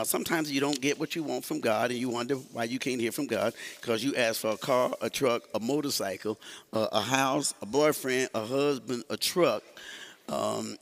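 A man's voice: mid-range voice, fairly bright tone. A male pastor teaching a sermon in a church, talking conversationally to the congregation and often repeating and restarting words. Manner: speaks directly to the congregation.

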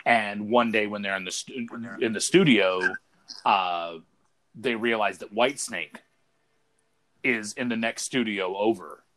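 A man's voice: fairly low pitch, unhurried, a bit bright. A man co-hosting a casual podcast chat, telling a rambling story with lots of fillers and restarts. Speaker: podcast co-host.

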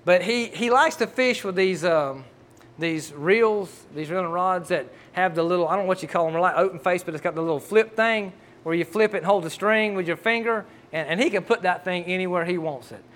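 A middle-aged man with a drawl preaches in a high-pitched voice. He tells homespun stories in a folksy, conversational way and acts out the dialogue as he goes. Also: brisk, a bit bright. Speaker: pastor. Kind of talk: sermon with personal story.

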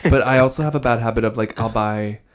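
A man's voice: mid-range voice, clear, resonant tone. Chatty man, joking podcast host. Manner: animated, joking, quick asides. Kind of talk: casual chat.

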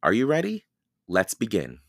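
A man hosting a read-aloud podcast, reading a children's novel in a slow, expressive storytelling manner. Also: lowish voice, vocal fry, loud music behind the voice.

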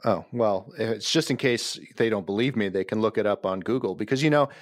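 A man's voice: fairly low pitch, a little fast, dry recording, clean studio sound. A man from Minnesota co-hosting a podcast, playful, jokey and self-mocking in casual banter. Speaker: podcast co-host.

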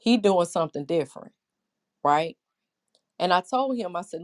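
A woman's voice: lowish voice, expressive, normal speed, long pauses. A middle-aged woman preaching a Bible lesson in an impassioned, conversational way, often putting questions to her listeners.

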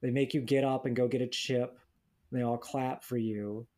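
A young man talks casually on a podcast with a dark, mellow voice. He tells stories bluntly and sardonically. He swears freely and mimics the people he describes. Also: mid-range voice, fairly even intonation, moderate pace. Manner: blunt, profane, sardonic storytelling with mocking quoted voices. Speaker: podcast co-host. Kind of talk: casual chat.

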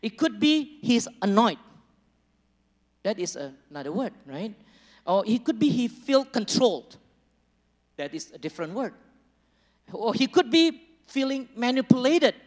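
A man's voice: very high-pitched, sing-song, measured pace, pauses often. A man preaching a sermon as a pastor, conversational and joking with the congregation, acting out small dialogues. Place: church hall. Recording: long reverb of a large church hall.

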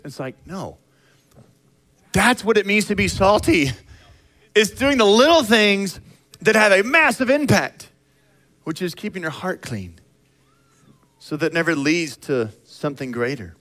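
A middle-aged man from the United States preaching a sermon in an animated, conversational way, acting out little scenes. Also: high voice, measured pace, long pauses. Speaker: pastor.

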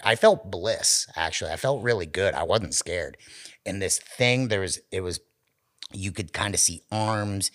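A podcast co-host with a low voice recounts a wild story in casual chat. He tells it animatedly, swearing and acting out quotes.

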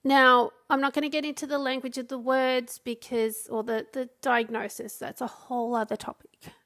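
A woman's voice: high-pitched, flat delivery, normal speed, a bit bright. A woman, a coach, talking casually on her own podcast with frequent restarts. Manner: conversational, with restarts and acted quotes. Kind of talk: solo podcast talk.

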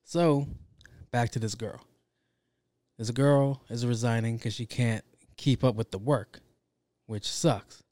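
A man's voice: medium pitch, takes it slowly, pauses often, no echo. A young man telling a story from work in a casual, profane, slangy way, acting out what people said. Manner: profane, slangy, animated with acted quotes.

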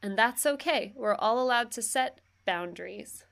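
A playful woman chatting about a film with a friend, her voice sitting a little higher than most. She giggles through her points and tosses in quick mock voices for the characters. The talk is loose and unscripted. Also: gravelly, a bit bright. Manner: giggly, playful, slips into jokey impressions. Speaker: podcast co-host. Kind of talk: casual chat reviewing a movie.

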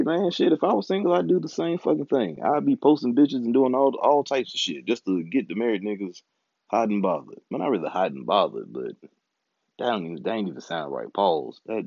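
A man's voice: fairly low pitch, animated, moderate pace, gravelly, a little mellow, breathy edge, dry recording. A married man hosting his own podcast, ranting casually, frustrated, profane and rambling. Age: adult, married. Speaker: podcast host. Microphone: home recording setup. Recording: dull, dry lo-fi home recording.

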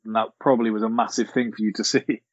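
Male co-host, relaxed recall, muffled lo-fi sound. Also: on the low side, fast, dry recording. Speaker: podcast co-host. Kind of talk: casual film chat.

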